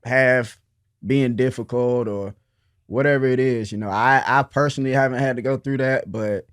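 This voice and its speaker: A mid-pitched man, a guest on a podcast, tells stories with lively energy and laughs easily. He also gives earnest, heartfelt advice. His voice sounds dry and close to the mic. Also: normal speed, clean tone, no room sound. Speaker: guest father. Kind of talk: casual conversational interview.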